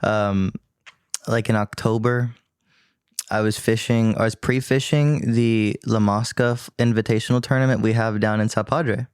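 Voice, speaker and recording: A man hosting a podcast talks in an easygoing, conversational way. His voice is smooth and clear, recorded dry and close. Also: on the low side, dry recording. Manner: easygoing, relaxed, with quick backchannel replies. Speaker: podcast host. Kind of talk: casual chat.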